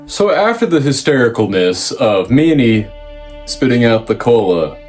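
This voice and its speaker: A man's voice: measured pace, soft background music. Chatty young man reviewing manga. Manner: chatty, rambling, lots of fillers and restarts; lively, pitch jumps up when quoting characters. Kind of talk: casual recap commentary.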